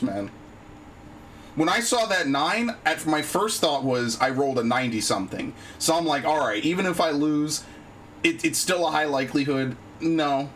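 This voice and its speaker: A man's voice: medium pitch, fairly bright tone, slight background noise. A man live-streaming a game, talking casually, frustrated and swearing a lot. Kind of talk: casual live-stream chat while gaming.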